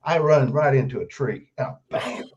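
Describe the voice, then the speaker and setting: An older man, a guest author, telling animated stories in an interview and laughing often as he goes. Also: medium pitch, moderate pace, noisy background. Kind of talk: storytelling interview. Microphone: video call. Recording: dull lo-fi remote call audio.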